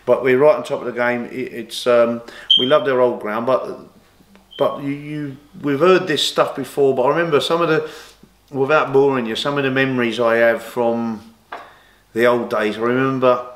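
A man spins long football anecdotes in an easygoing interview, stumbling over restarts and livening up whenever he acts out what others said. His voice sits at a middle pitch and carries a noticeable room echo. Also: moderate pace, slight background noise. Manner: rambling anecdotes with many restarts, animated when quoting others. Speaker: interview guest, former boxer and golfer. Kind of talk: casual storytelling interview.

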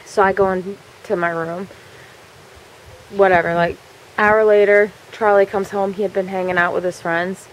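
A woman's voice: medium pitch, flat delivery, moderate pace, dull audio. Chatty woman telling a story, full of fillers. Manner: chatty, frequent fillers, swears freely. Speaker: vlogger. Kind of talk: casual storytelling.

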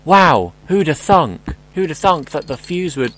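A man's voice: fairly high pitch, sing-song, unhurried, a bit bright, slight background noise, rough recording. A young man commentating his horror gameplay, rambling and joking, swearing often and talking back to the game.

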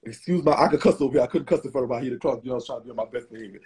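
A man hosting a casual live stream, a little drunk, talking in a profane, rambling, animated way, with a rough, hoarse voice and a Southern US accent. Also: mid-range voice, very fast, a little hiss or hum. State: tipsy. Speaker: host.

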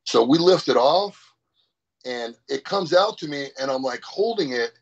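A man guest in a casual interview, telling an animated, profane story about powerlifting. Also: mid-range voice, unhurried. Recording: dull lo-fi sound.

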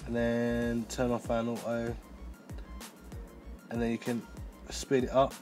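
Excitable man demoing gadgets. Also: medium pitch, slow pace, soft background music. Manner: excitable, chatty, thinks aloud. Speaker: tech reviewer. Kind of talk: casual product demo.

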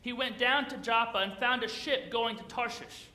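A man's voice: very high-pitched, fairly even intonation, normal speed, bright, forceful tone, echoey room. A man preaching a sermon as pastor, in a conversational, playful way, often putting questions to the congregation.

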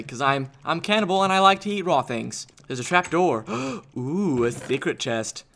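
Gaming host, male, high bright voice, excitable play-by-play, desk mic at home. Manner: excitable, talks to his dog and viewers. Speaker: gaming YouTuber. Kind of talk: live gameplay commentary.

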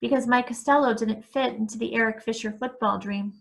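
A woman's voice: a little high, fairly even intonation, a little fast, gravelly. A woman reading a novel aloud, voicing a bewildered teenage boy who asks himself earnest questions.

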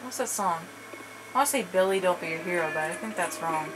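A woman's voice: lowish voice, expressive, fast talker. A woman commentating a co-op zombie game with a partner, chatty and teasing. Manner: chatty, teasing, bursts into panicked screams. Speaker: gamer playing co-op. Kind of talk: casual let's-play commentary. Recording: loud background noise.

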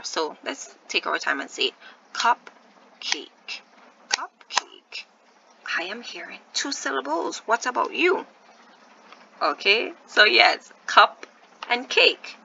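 A woman's voice: on the high side, vocal fry, pushed and bright, dull audio, slight background noise. A woman teaching a first-grade video lesson, patiently sounding out words syllable by syllable and encouraging her young viewers.

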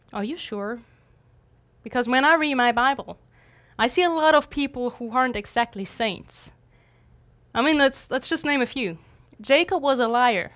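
A woman's voice: high-pitched, lively intonation, normal speed, fairly bright tone. A young adult woman, a missionary, giving an earnest, conversational devotional talk with light humor.

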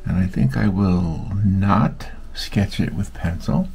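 A man's voice: sits low, slow, vocal fry, darkish tone, faint music behind, poor audio. A retired man in his sixties chatting in a rambling, self-deprecating way while he paints, getting a little emotional. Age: 60s. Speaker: hobby watercolor painter. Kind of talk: casual rambling chat.

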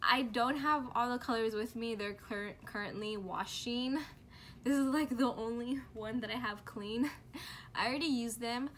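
Chatty, slow-talking young woman vlogger. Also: a little high, slight background noise. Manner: bubbly, chatty, giggly, lots of fillers and slang. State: out of breath from heat. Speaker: beauty and lifestyle vlogger. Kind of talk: casual product review vlog.

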